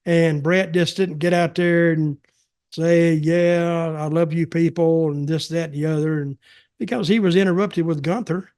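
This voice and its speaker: A man's voice: on the high side, moderate pace, darkish tone. An older man, hosting a podcast and telling wrestling stories in a folksy, rambling way. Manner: rambling, folksy, repeats himself. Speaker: podcast host, wrestling veteran. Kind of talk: casual storytelling chat.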